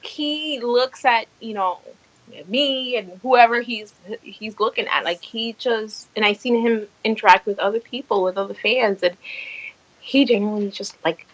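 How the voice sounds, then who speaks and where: A middle-aged woman hosting a casual podcast chat, telling stories with lively acted-out quotes. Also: fairly high pitch, measured pace, no echo, highs cut off. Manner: animated storyteller, acts out quotes. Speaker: podcast host.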